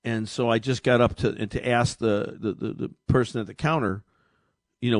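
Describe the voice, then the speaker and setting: A man hosting a call-in radio show, telling stories in an animated way and often repeating words as he talks. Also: mid-range voice, moderate pace, no echo. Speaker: radio talk show host. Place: radio studio. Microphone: studio microphone.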